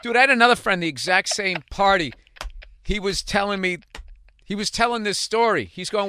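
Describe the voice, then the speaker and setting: A man's voice: high voice, quick pace, pushed and bright, dry recording. A man with a Boston accent hosting a podcast, telling rambling stories in casual chat with swearing and laughter. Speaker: podcast host.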